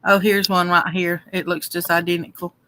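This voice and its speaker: A woman's voice: on the low side, level tone, moderate pace, pushed and bright. A woman chatting casually beside the host, teasing him in an easygoing way. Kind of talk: casual chat.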